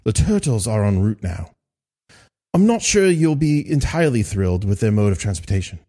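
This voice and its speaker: Formal older British butler, pitched up and stiff, as a man puts him on. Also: big pitch swings, normal speed, dark tone. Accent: put-on British.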